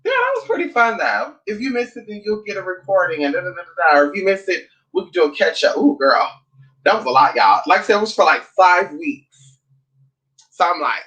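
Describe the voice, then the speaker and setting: Sassy, high-voiced man chatting. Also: a little fast, muffled recording. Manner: sassy, animated, profane storytelling. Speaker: spiritual teacher and host. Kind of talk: casual livestream chat.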